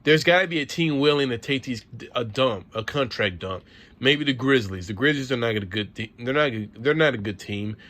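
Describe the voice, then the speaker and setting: A man's voice: medium pitch, animated, moderate pace, a bit bright. A man giving a frustrated, profane sports rant to camera in a vlog, repeating himself as he vents. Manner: frustrated, profane, repetitive ranting. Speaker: sports vlogger. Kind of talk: ranting sports commentary.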